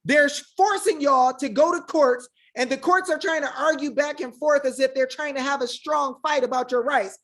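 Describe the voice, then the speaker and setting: A woman's voice: high-pitched, normal speed, hardly any pauses. A woman giving an impassioned monologue to her viewers, preachy and fiery, firing off rhetorical questions and calling them y'all. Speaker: online legal rights commentator.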